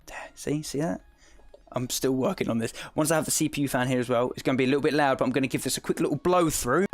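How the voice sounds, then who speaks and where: A man's voice: medium pitch, fast, soft background music. A man from the south of England with an Essex accent, chatting casually as a streamer while explaining a task and reading chat aloud. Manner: chatty, reads chat aloud, laughs often. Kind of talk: live-stream tutorial chat.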